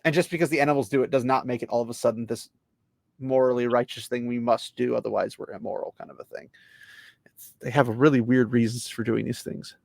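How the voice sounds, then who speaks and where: A man co-hosting a casual trailer reaction, sarcastic and animated, laughing often. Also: medium pitch, a little fast, gravelly, no room sound.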